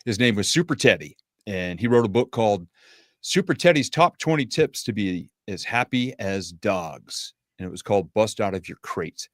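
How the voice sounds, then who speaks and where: Smooth radio-voiced male guest. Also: fairly low pitch, lively intonation, moderate pace, no room sound, clean studio sound. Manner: smooth radio-announcer delivery. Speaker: podcast guest, motivational speaker. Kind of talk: casual interview chat.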